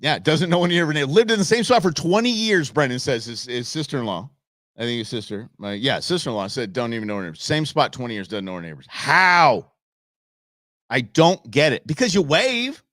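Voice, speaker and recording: A man from Southern California hosting a live show in casual chat, rambling and animated with folksy asides to his viewers. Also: medium pitch, fast talker, no echo, studio quality.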